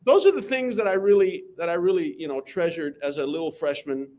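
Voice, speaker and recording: A man tells stories from his school days as an interview guest. His voice sits a little high, and he talks in an animated, lively way. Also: a little fast. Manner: animated, lively storyteller who acts out voices. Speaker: guest, math teacher. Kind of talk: anecdotal interview storytelling.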